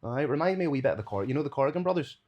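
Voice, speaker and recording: A man's voice: fairly high pitch, animated, rapid-fire, lo-fi sound. A man with a Belfast accent, a combat sports commentator being interviewed, talking casually and enthusiastically and laughing easily. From Northern Ireland.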